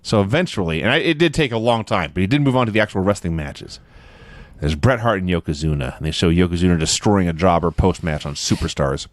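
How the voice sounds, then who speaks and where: Male podcast co-host, animated storyteller, dry close sound. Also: low voice, no echo. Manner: animated storyteller, acts out quotes. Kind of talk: casual recap chat.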